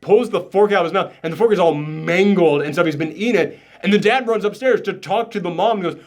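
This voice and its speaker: Man, slightly high voice, animated ranting host of a film reaction chat. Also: quick pace, hardly any pauses. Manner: animated, exasperated ranting with swearing. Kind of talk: casual film review chat.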